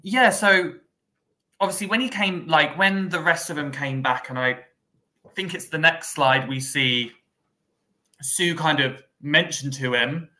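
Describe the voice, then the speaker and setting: Casting note: male podcast co-host with a bright, forward tone, casual and conversational. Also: on the high side, a little slow. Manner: conversational, thinks aloud with fillers. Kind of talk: casual recap chat.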